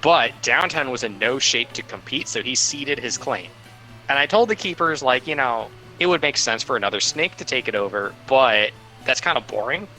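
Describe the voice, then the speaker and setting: Rambling young man, bright voice. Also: mid-range voice, animated, normal speed, faint music behind, poor audio. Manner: rambling, full of "like" and "um". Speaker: game player. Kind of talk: casual livestream chat.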